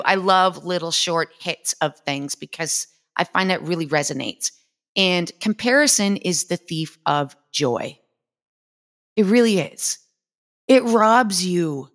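A woman in her fifties with a fairly low voice, speaking as a fitness trainer in a relaxed, motivational monologue. She is frank and lively and swears without hesitation. She often slips into acting out her own self-critical inner voice. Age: 50s. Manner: candid, animated, swears freely and acts out her own inner voice. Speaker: fitness trainer and podcast host.

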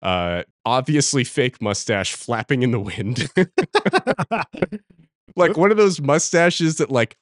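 A man's voice: mid-range voice, lively intonation, slow pace, long pauses, no echo, studio quality. A man co-hosting a podcast, chatting casually about a film he watched, rambling and laughing at the parts he describes. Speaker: podcast co-host. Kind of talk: casual film review chat.

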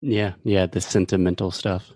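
A man talks in a casual podcast chat, patiently explaining how English words are said. His voice sits a little low, and the sound is dry and close. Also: flat delivery, normal speed, warm tone, no room sound. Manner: explains pronunciation patiently, laughs often. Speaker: co-host teaching English.

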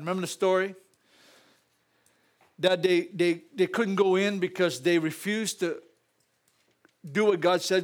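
A male pastor with a Louisiana Southern accent, preaching a sermon in a church with animated call-outs and laughing asides to the congregation. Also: high-pitched.

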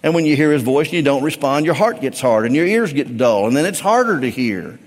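A middle-aged man, a pastor, preaching a sermon with emphatic swings between raised and hushed delivery. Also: fairly high pitch, lively intonation, a little fast, big-room sound.

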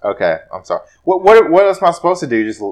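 Fast-talking and sing-song, this fairly high-voiced man co-hosts a podcast. His casual chat is full of jokes as he teases his friend.

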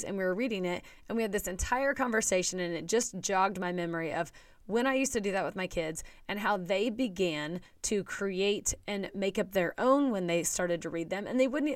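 A woman's voice: medium pitch, dry recording, clean studio sound. A woman coach giving a chatty, earnest motivational talk straight to her viewers.

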